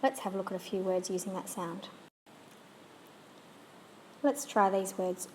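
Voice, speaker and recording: A woman teaching a pronunciation lesson, saying sounds and words slowly and clearly for the listener to repeat. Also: mid-range voice, dark tone, slight background noise. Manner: slow, demonstrative, models sounds clearly. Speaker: language teacher.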